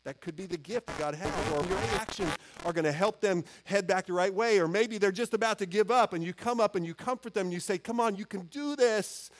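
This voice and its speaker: A man's voice: high-pitched, a little fast, hardly any pauses, slight background noise. A man preaching a sermon in an earnest, conversational way, often restarting his phrases. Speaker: pastor.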